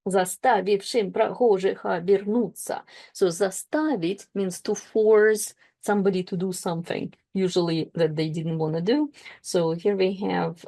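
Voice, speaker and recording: Woman, language teacher, gravelly fry, careful explaining. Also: medium pitch, steady tone, dark tone. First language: Russian. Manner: slow, careful explanations with self-corrections. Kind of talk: explaining a book read-aloud.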